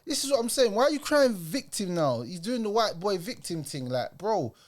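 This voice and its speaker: A man's voice: high-pitched, very animated, normal speed. A young British man from the UK hosting a reaction video, talking in a heated, emphatic street style. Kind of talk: casual reaction commentary.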